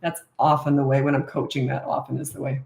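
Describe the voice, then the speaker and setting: A woman's voice: extremely low pitch, level tone, fast talker, vocal fry, a little mellow. A middle-aged woman hosting a casual live Q&A as a parenting coach. She reads out viewer questions and answers them frankly and chattily into a camera mic. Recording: roomy echo.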